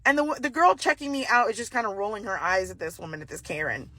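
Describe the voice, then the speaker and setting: A woman casually telling a personal story, animated and full of fillers. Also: mid-range voice, quick pace, no room sound. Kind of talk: casual anecdote.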